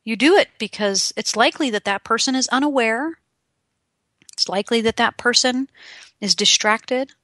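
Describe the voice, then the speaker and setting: A young adult woman talks straight to the listener in a lively, emphatic motivational style. Her voice is bright and forward, and the recording is dry and close. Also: a little high, moderate pace, dry recording. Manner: emphatic, animated, addresses the listener directly. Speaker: motivational speaker. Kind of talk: direct-to-camera motivational talk.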